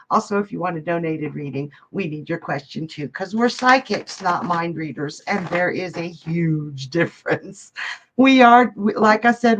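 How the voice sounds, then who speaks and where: Through a muffled recording, a psychic hostess with a medium-pitched, fairly bright voice reads comments on her live stream. She's bubbly and chatty with viewers, laughing frequently.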